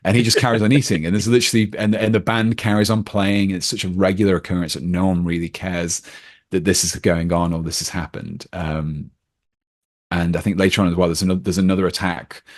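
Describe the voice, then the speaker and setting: A man's voice: low voice, little pitch movement, a little fast. A man talking casually about a film as a podcast guest, with lots of fillers and restarts. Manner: rambling, many fillers and restarts.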